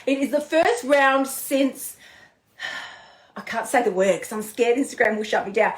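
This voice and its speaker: A woman podcast host and eating coach, giving an animated, chatty motivational talk on a live stream. She swears casually and laughs often. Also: on the high side, moderate pace. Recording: echoey room.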